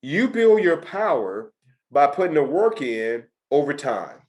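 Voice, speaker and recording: A man's voice: on the high side, sing-song, measured pace, darkish tone. A middle-aged man teaching a test prep session to students, talking emphatically and repeating his key points. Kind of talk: lecture to students.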